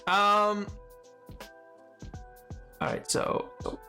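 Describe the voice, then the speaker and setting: A man's voice: sits high, level tone, drawn-out words, bright, forceful tone, soft background music. A man streaming live, chatting casually with viewers in a rambling, self-mocking way and laughing often.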